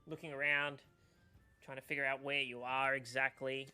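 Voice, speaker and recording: A man's voice: mid-range voice, level tone, moderate pace, pushed and bright, clear, resonant tone, soft background music. A man narrating a tabletop game as game master, hesitant, with many fillers.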